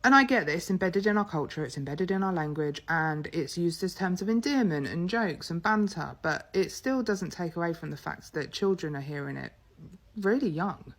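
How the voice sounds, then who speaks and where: A woman's voice: fairly low pitch, expressive, moderate pace. An English mother with an English accent, talking to camera in an earnest, chatty way. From England. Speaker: mother and vlogger. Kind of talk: casual talk to camera.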